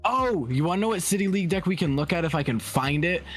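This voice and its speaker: A man's voice: high voice, expressive, fast talker. A man co-hosting a card game stream, chatting casually and rambling with a lot of "like". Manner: chatty, lots of "like", rambling stories. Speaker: stream co-host. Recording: faint music behind. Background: faint music.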